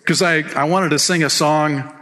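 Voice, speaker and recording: A man preaching as a church pastor, lively and casual, reading aloud and singing short lines. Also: a little high, normal speed. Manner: animated, sings hymn lines and reads book passages aloud. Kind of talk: sermon. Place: church sanctuary. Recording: long hall reverb.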